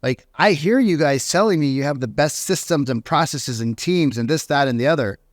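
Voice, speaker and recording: A middle-aged man, a real estate coach, talking in an animated podcast monologue and acting out the people he quotes. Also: a little high, moderate pace, no echo, studio quality. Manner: animated storytelling, acts out quoted voices.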